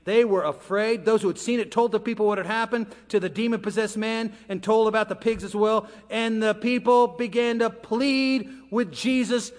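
A man's voice: sits high, fairly even intonation, normal speed, hardly any pauses. A male preacher giving a casual, storytelling sermon with dramatic swings in delivery, heard in a church sanctuary. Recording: long hall reverb.

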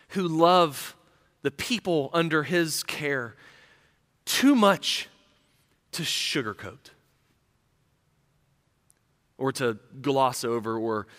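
A male pastor preaching a sermon, telling a story earnestly and falling to a hush for emphasis. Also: medium pitch. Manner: storytelling, earnest, dropping to a hush on key lines. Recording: reverberant hall.

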